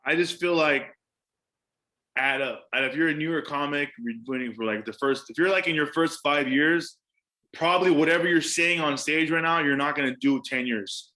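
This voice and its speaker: A man's voice: fairly high pitch, normal speed, pushed and bright. A man, a stand-up comedian, chatting casually on a podcast, emphatic and profane, repeating words for stress.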